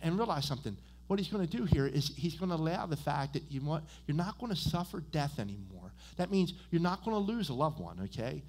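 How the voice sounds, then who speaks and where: A man preaching a sermon as a church pastor. He talks conversationally, checks in with "right?" and "okay?", and grows louder and more animated when he tells personal stories. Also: fairly high pitch. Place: church sanctuary.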